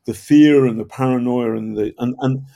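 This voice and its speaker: A man's voice: medium pitch, fairly even intonation, normal speed, gravelly, mellow. A man with a northern English accent, a journalist and author telling stories in an interview, often restarting his sentences. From Northern England. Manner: rambling, self-interrupting storyteller with projected voice. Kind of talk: conversational storytelling interview.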